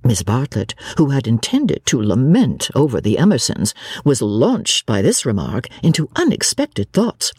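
A woman narrating a dramatic reading of a classic novel in an expressive, theatrical manner. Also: extremely low pitch, a little slow, hardly any pauses, breathy edge, no room sound, studio quality.

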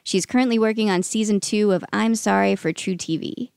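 A woman hosts a podcast, reading scripted narration with wry, self-mocking humor. Her voice is smooth yet heavily gravelly. The recording is dry and close. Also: medium pitch, steady tone, fairly quick, a little mellow, no room sound. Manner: plain-spoken, wry and self-deprecating. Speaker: podcast host.

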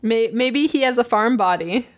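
A woman's voice: on the high side, expressive. A woman in her twenties co-hosting a podcast, chatting casually and wryly about a show and laughing easily. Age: 20s. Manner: chatty, wry, quick to laugh. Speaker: podcast co-host. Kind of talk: casual chat recapping a show.

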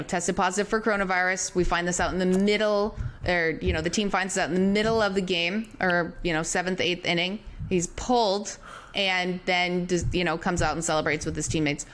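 A woman's voice: fairly low pitch, fairly bright tone, a little hiss or hum. A Canadian woman hosting a podcast, casual and chatty. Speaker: podcast host. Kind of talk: casual chat.

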